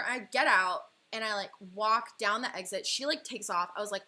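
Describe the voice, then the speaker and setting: A woman's voice: mid-range voice, fairly quick, hardly any pauses, sharp tone. A young woman in her twenties chatting on a livestream, telling a personal story in a casual, emotional way full of "like". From California. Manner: chatty, heavy use of "like", emotional, breaks into laughs. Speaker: livestream artist and host.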